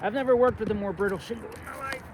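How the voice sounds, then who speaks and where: A man's voice: very high-pitched, fast, background noise. A man, a roofing contractor, out of breath and exasperated as he walks through damage outdoors on a roof, explaining each point step by step. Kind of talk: on-site inspection walkthrough.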